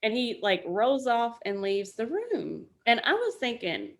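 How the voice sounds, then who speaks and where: A woman veteran telling a story on a podcast in a casual, animated way, swearing freely. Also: on the high side, a little slow. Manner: animated, acts out quoted voices, swears freely. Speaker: military veteran guest.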